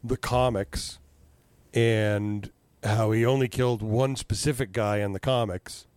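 A man chatting casually, telling animated stories, swearing freely and acting out what people said. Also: lowish voice, measured pace, clear, resonant tone, no echo. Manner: animated storyteller, swears freely, acts out quotes. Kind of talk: casual chat.

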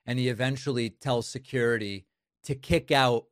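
A man's voice: mid-range voice, fairly even intonation, moderate pace, dry recording, clean studio sound. A man hosting a political commentary show, scornful and sarcastic as he introduces and mocks clips. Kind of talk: opinionated commentary over clips.

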